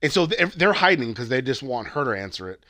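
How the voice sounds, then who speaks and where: A young man chats through a movie's plot with lively, swooping intonation, slipping into quick impressions of the characters. He swears casually. The recording is dry and close. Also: mid-range voice, dry recording. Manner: animated retelling, acting out quotes, swearing. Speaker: podcast co-host. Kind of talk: casual movie review chat.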